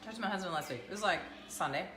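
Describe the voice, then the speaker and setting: A woman's voice: on the low side, rapid-fire. A woman, chatting casually to camera and rambling through everyday stories. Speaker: vlogger. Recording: echoey room with music playing.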